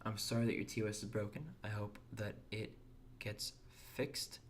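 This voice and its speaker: Low-voiced man streaming a game. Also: monotone, normal speed, slight background noise. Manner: chatty, reads and answers chat, restarts words. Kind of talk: casual gameplay commentary.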